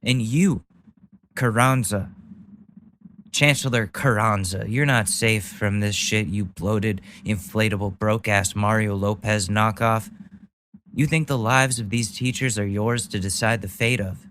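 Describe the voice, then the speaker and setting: A man's voice: lowish voice, fairly even intonation, measured pace, fairly bright tone, slight background noise. A man hosting a news podcast, ranting angrily and bluntly with lots of swearing. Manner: angry, profane, blunt. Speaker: podcast host. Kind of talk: angry political rant.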